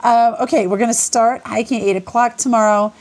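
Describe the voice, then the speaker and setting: A woman's voice: a little high, steady tone, brisk, a little mellow. Chatty woman hiker vlogging indoors. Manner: chatty, rambling, laughs easily. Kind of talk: casual vlog chat. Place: indoor lodging room by a creek.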